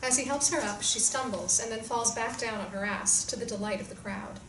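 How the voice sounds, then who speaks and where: A woman reading stage directions aloud in a screenplay reading, in a clear, measured way. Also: a little high, a bit bright. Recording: roomy distant sound with background noise.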